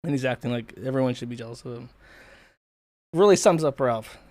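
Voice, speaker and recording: A man's voice: mid-range voice, brisk, a little mellow, no echo. A man hosting a livestream, ranting in a profane, mocking, rambling way. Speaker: streamer host. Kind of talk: livestream commentary rant.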